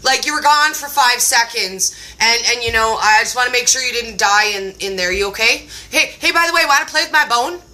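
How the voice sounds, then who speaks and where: A woman's voice: a little high, fairly quick, few pauses, sharp tone, rough recording. A woman voicing a fussy, nosy pet dog. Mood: fussy concern. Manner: fussing, nosy and eager. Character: fussy, chatty pet dog checking on its owner.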